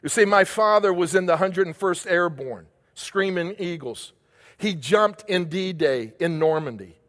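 High-voiced older preacher in echoing hall. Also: male voice, lively intonation, unhurried, fairly bright tone. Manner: emphatic, repeats key phrases, rhetorical questions. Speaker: pastor. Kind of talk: sermon. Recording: long reverb of a large hall.

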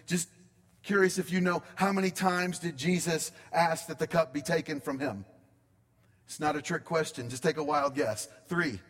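A pastor preaching a sermon in a conversational style, with dramatic pauses. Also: male voice, a little high, a bit bright, long reverb tail.

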